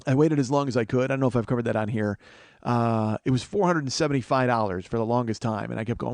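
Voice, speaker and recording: A man's voice: mid-range voice, fast, darkish tone, no room sound. A man hosting a podcast, telling rambling, profane comic stories in a casual monologue. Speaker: podcast host.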